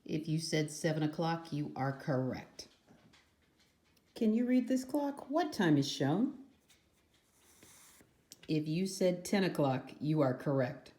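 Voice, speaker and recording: A woman's voice: low-pitched, big pitch swings, takes it slowly, long pauses, mellow. A woman teaching young children, asking patient, sing-song questions. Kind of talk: classroom lesson for young children. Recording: echoey room, mic far off.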